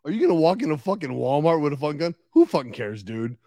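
Man, podcast co-host, profane rant, animated pitch, slightly high voice, dry sound. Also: fast talker, no echo. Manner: profane, gets worked up and ranting. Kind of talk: casual chat.

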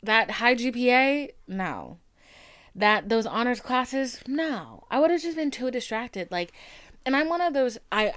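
A woman's voice: medium pitch, no room sound. A woman in her twenties hosting a podcast in casual chat, chatty, full of "like" and casual swearing, into a studio mic. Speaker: podcast host.

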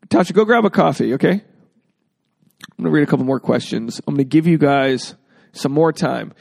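A man's voice: medium pitch, lively intonation, fairly quick, gravelly, darkish tone, dry recording. A man hosting a casual podcast, joking freely and acting out quotes in exaggerated voices. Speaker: podcast host.

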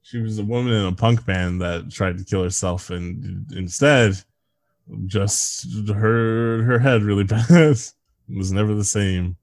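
A man's voice: fairly low pitch, a little slow, dry recording. A man in his thirties co-hosting a casual podcast, joking darkly and laughing often. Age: 30s. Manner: sardonic, dark humor, laughs often. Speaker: podcast co-host.

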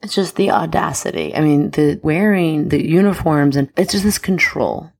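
A woman's voice: low-pitched, moderate pace. A woman hosting an astrology podcast, talking in an impassioned, emphatic and chatty way with lots of fillers. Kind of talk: casual podcast monologue.

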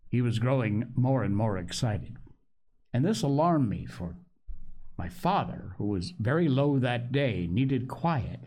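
A male storyteller narrating a novel aloud. He reads slowly and deliberately, and his voice sits in an ordinary middle range. The delivery is measured and even. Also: mid-range voice. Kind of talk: audiobook-style narration.

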